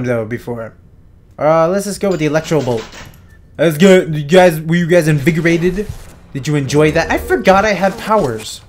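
Young man, fairly high voice, very lively pitch, rambling gameplay commentary, desk mic at home. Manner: rambling, self-mocking, bursts into loud excited yelling. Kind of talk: casual let's-play commentary. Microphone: desk microphone at home.

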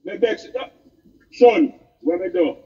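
A man's voice: high voice, a little slow, mellow. A Jamaican man co-hosting a comic chat, telling aggrieved stories in patois. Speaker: comedy co-host. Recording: dull, distant and husky.

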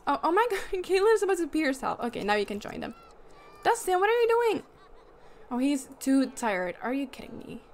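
Young woman streamer, high lively voice, giggly and gushing, casual game commentary. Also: moderate pace. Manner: gushing, giggly, squeals at cute things. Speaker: gaming YouTuber. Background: fan noise.

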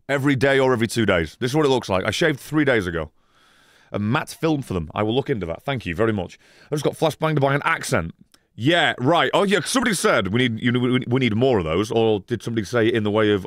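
A man's voice: mid-range voice, no room sound, studio quality. A man casually chatting on a live stream, rambling and swearing, laughing often as he reads chat.

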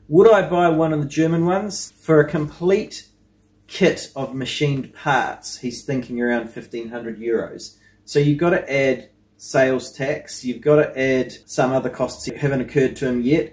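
A man's voice: medium pitch, darkish tone, roomy sound. A man hosting a hobby engineering channel, talking casually and rambling with frequent ums and you-knows. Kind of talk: casual vlog commentary.

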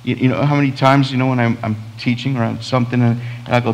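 A man's voice: mid-range voice, level tone, fast, big-room sound, poor audio. A man, a pastor preaching a sermon in a conversational way, full of restarts and quoted asides. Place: church sanctuary.

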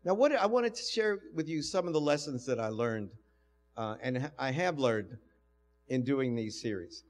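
A man's voice: mid-range voice, normal speed. Older man lecturing in an echoing hall. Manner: storytelling, animated, acts out quoted voices. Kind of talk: university lecture. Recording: lecture hall with long reverb.

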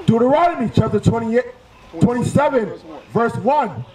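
A man reading Bible verses aloud on a city street, slow and measured. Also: very high-pitched, lively intonation, darkish tone, rough recording. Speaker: scripture reader.

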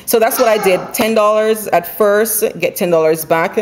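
A woman chatting casually at home about her couponing haul, running through prices quickly and laughing now and then. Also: mid-range voice. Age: adult with school-age kids. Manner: chatty, quick, runs numbers aloud, laughs often. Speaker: couponing vlogger. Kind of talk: casual haul video chat. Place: home, indoors.

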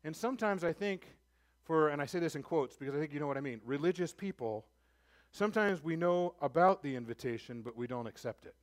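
Animated and fairly quick, a pastor preaches to his church with earnest pleading. He drives toward emphatic moments, then drops his voice low and soft.

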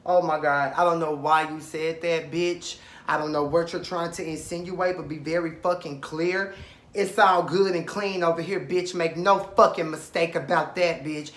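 A man's voice: on the high side, slow, a bit bright, roomy sound. A man with an East Texas accent hosting a casual reality-show review, sassy and profane, talking straight to the people on the show. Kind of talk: casual commentary.

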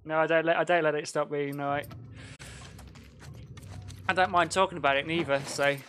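A man live-streaming a game, giggling constantly and yelping excited exclamations between casual chat. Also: on the high side, moderate pace, a little hiss or hum. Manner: giggly, laughing through his words.

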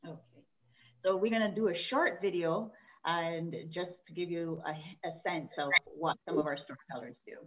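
A woman's voice: fairly low pitch, normal speed, background noise. A woman from the Caribbean hosting an interview, guiding the conversation with brief affirmations. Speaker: host. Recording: tinny video-call audio.

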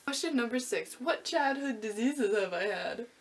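A woman's voice: a little high, expressive, moderate pace, a little hiss or hum. A teenage girl hosting a casual tag video, giggly and teasing. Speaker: vlogger host. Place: home at night.

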